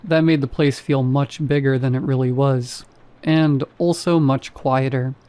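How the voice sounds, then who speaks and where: A man narrates a first-person horror story with a wry, conversational touch. His voice is mellow and dark-toned, sitting at an ordinary middle pitch. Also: steady tone, a little slow.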